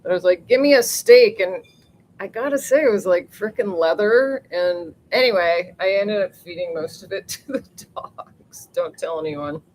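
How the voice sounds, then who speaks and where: A woman's voice: on the low side, moderate pace, a little mellow, poor audio. A woman hosting a rambling casual live chat outdoors near the ocean on a phone, talkative, laughing often and swearing lightly. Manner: chatty and rambling, mild swearing, frequent laughs. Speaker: live-stream host.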